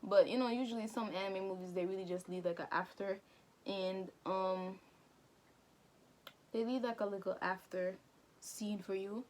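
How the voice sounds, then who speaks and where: Female vlogger, casual recap commentary, slangy chatter, mid-range pitch. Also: fairly even intonation, a little mellow, slight background noise. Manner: chatty, slangy, quick asides to viewers. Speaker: anime reviewer vlogger.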